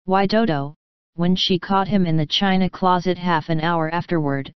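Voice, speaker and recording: A woman reading a classic novel aloud as narrator, in a measured, even storytelling manner. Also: fairly low pitch, clean tone, dry recording, highs cut off. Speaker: audiobook narrator.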